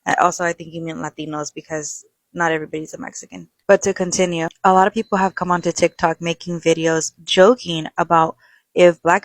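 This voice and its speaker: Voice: mid-range voice, no room sound. A commentator speaking earnestly and insistently in a social media video.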